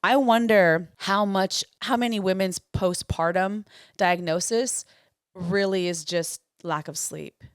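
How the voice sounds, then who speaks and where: A woman's voice: mid-range voice, slow pace, smooth, dry recording, clean studio sound. A tired young woman co-hosting a podcast, talking candidly in a rambling casual chat. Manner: candid, hedging, rambling with restarts. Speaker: podcast co-host.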